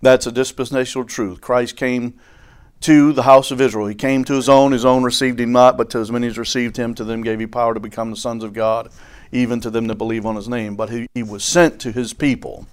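A man's voice: mid-range voice, level tone, a little fast, clear, resonant tone. A man preaching a sermon in a folksy way, with fillers and chuckles, reading scripture in a raised voice. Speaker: pastor.

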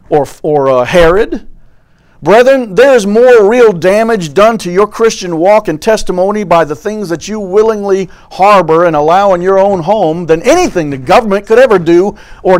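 Guy preaching a sermon, bit high-pitched, folksy and fervent. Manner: folksy storytelling, fervent swells.

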